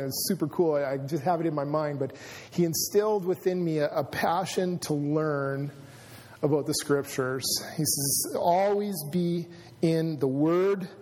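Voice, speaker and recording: A man's voice: a little high, darkish tone. Man preaching with hall echo. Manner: storytelling, builds to emphatic preaching. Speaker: pastor. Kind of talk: sermon. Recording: long hall reverb.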